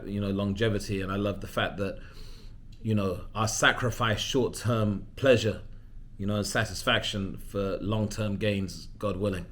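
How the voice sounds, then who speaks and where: Animated man telling a story. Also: lowish voice. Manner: animated, self-mocking storytelling. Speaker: vlogger. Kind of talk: casual vlog monologue.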